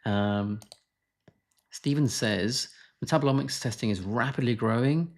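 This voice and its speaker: A man's voice: mid-range voice, measured pace. A man who is a doctor answering viewer questions on a live stream, frank and blunt, brushing off marketing claims.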